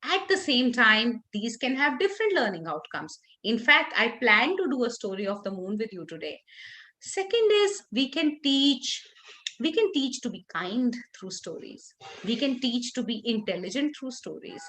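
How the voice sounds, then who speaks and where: Expressive woman trainer. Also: fairly high pitch, moderate pace. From India. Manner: expressive, varies intonation, frequent restarts. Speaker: workshop trainer for teachers. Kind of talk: lively teacher-training workshop talk.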